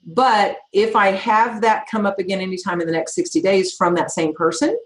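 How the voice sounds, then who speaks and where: A woman's voice: medium pitch, fairly even intonation, normal speed. A middle-aged woman who owns an insurance agency, talking firmly and directly in an interview. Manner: firm, emphatic, direct. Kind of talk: conversational interview answers. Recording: roomy echo.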